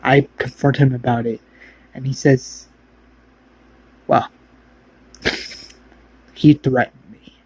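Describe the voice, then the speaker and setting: A man's voice: mid-range voice, level tone, takes it slowly, pauses often, darkish tone, breathy edge, poor audio. A man doing a worried woman survivor. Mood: earnest. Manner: earnest, cautionary. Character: worried young woman survivor warning friend.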